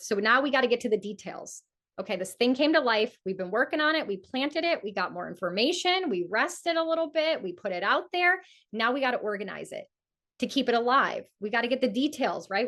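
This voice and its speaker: A woman astrologer leading a live community event, teaching in a lively way and acting out inner voices with repeated phrases for emphasis. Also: on the high side. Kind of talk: energetic teaching talk with guided ritual.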